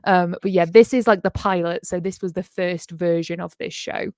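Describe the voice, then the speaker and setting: A woman's voice: lowish voice, fairly even intonation, normal speed, a little mellow, dry recording, clean studio sound. A woman hosting a casual reaction livestream, chatty and upbeat with frequent ums and laughs. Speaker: livestream host.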